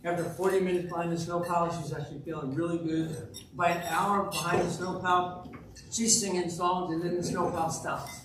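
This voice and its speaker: A man's voice: high-pitched, flat delivery, moderate pace. A man at a club meeting, telling folksy jokes and stories in a chatty way. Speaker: Rotary club speaker. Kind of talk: joke-telling club talk. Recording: distant, echoey room with background noise.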